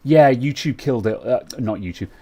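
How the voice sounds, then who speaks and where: A man's voice: medium pitch, a little fast, mellow. A young British man co-hosting a casual tech chat, rambling with lots of fillers and restarts. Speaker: co-host.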